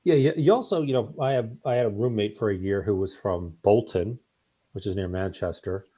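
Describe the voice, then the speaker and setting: Husky-voiced man telling stories. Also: on the low side, a little fast, warm tone. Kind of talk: casual chat.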